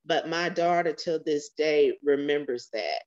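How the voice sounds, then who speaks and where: A woman with a lowish voice shares a testimony from her own life over a video call. She talks it through as a story, with plenty of ums, and briefly voices the people in it. The call audio is dull and lo-fi. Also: a little slow, a little mellow. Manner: storytelling, acts out quoted voices, many fillers. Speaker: church member sharing a testimony.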